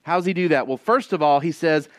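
A man's voice: on the high side, fast, no echo. A male pastor preaching an expository sermon in a conversational way, often asking "right?" and repeating key phrases for emphasis.

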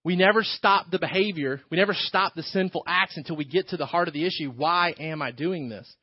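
A man's voice: a little high, brisk, slightly rough, no echo. A man preaching a sermon as pastor, in a conversational way, with rhetorical questions and frequent restarts. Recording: dull lo-fi church recording.

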